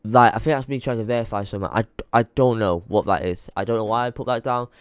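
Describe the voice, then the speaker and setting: Muttering and swearing as he searches his computer late at night, a tired young man rants in frustration to his YouTube camera. His quick, lowish voice is clear and resonant, with no room sound at all.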